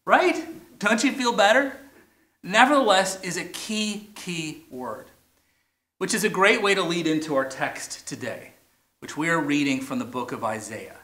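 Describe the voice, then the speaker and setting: Casting: male pastor, bright forceful voice, playful sermon delivery, echoey hall. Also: a little high, expressive. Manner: playful, drawn-out emphasis on key words. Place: large church or plaza. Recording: echoey, roomy sound.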